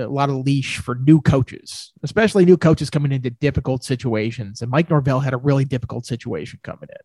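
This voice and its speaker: Animated man talking college football. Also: mid-range voice, no room sound. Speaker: co-host, college football reporter. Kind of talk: casual sports talk.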